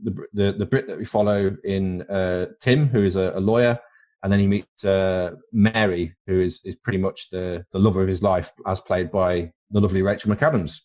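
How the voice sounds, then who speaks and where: A man's voice: low-pitched, fairly even intonation, normal speed, darkish tone. A man with a British accent co-hosting a casual film podcast, joking and tripping over repeated words as he thinks. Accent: British English. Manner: jokey, rambling, repeats words while thinking. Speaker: podcast co-host.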